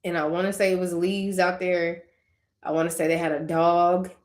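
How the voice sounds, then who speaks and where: A woman's voice: fairly low pitch, little pitch movement, normal speed, darkish tone, echoey room. A young woman talking casually and tearfully in a personal faith vlog, wandering off on tangents and laughing between thoughts. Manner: conversational, tangent-prone, laughing through tears. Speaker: faith vlogger.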